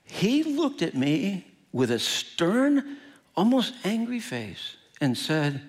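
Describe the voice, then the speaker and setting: A high-voiced man from the Midwest preaching with a lively, swooping delivery. He tells his story slowly and with laughter, and he acts out each person in it. His tone is warm and personal. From American Midwest. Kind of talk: storytelling sermon.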